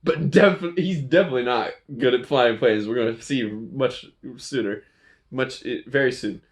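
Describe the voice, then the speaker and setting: A man's voice: mid-range voice, normal speed. A man casually recapping a movie plot, rambling and playful, often laughing and correcting himself.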